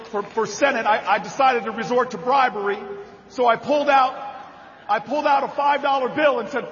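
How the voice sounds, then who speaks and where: Senator guy hyping up a convention crowd, repeats himself, yells the big lines, low-fi muffled audio with faint room noise. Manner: repeats phrases, builds to shouted climaxes. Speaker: senator giving a convention speech. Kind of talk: rousing political speech. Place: large convention hall, indoors. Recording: dull, reverberant hall sound.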